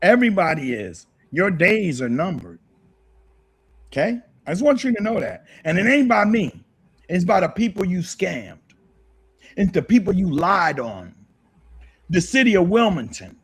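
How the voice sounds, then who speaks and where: A man with a husky voice, speaking heatedly and repeating himself as a guest on a livestream call. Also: high-pitched, big pitch swings, unhurried, long pauses. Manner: heated, repetitive, emphatic. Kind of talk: impassioned livestream callout.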